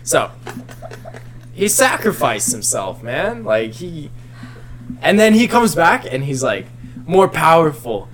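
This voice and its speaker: A man in casual chat who retells a story in a rambling, animated way, full of filler words. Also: a little high, takes it slowly, pauses often.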